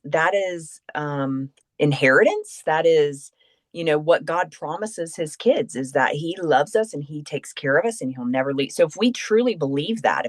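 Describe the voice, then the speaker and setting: Low-voiced woman telling a faith story. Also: no echo, clean studio sound. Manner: animated storyteller, acts out quoted voices. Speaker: podcast guest. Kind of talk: casual faith conversation.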